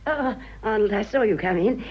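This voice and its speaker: A woman's voice: medium pitch, lively intonation, moderate pace, husky, highs cut off. An actress playing a chatty, gushing, whimsical society lady in a radio drama, with upper-class British speech.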